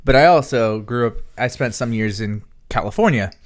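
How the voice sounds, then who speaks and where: A young man co-hosting a podcast, telling animated stories in casual banter and mimicking other people's voices. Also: mid-range voice, moderate pace. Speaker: podcast co-host.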